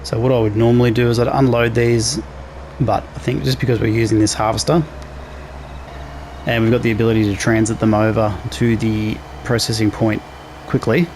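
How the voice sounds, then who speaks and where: A man hosting a casual let's play, relaxed and talking through each task as he plays. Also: mid-range voice, normal speed, a little hiss or hum. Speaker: gaming channel host.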